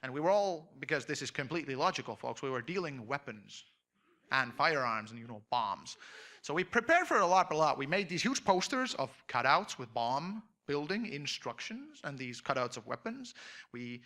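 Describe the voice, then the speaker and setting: Bright-voiced man telling a comic story. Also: on the high side, normal speed. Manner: animated storytelling, acting out voices, laughing. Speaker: convention panel speaker. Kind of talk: comedic anecdote to an audience. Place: auditorium.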